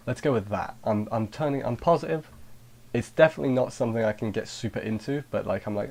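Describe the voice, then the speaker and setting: A man's voice: lowish voice, brisk, creaky, a little mellow. A man giving a casual anime review, rambling with frequent restarts and dry sarcasm. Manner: rambling, sarcastic, self-interrupting.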